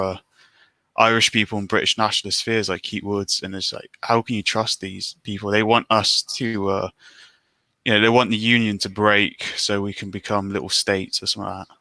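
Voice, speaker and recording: A man with a low, hard-edged, forceful voice gives his opinions flatly in a casual livestream chat. The sound is dry, with no room around it. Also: brisk, dry recording. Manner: blunt, opinionated.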